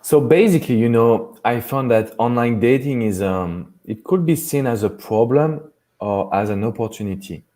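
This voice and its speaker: A man's voice: mid-range voice, normal speed, dark tone. A man with a French accent, a dating coach talking earnestly in a live chat, often restarting his phrases. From France.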